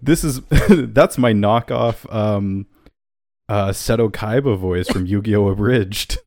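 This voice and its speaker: A man's voice: fairly low pitch, takes it slowly, a little mellow, dry recording, clean studio sound. A man hosting a podcast, joking around with his co-hosts in casual banter. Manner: playful, jokey, mock-welcoming. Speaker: podcast host.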